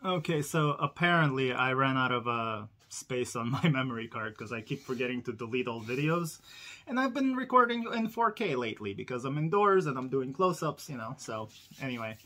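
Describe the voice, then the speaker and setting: A chatty man hosting a casual indoor unboxing vlog. He rambles, laughs often, and talks straight to his viewers, with a bright, ringing voice. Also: mid-range voice, expressive, a little fast. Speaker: diecast collector channel host.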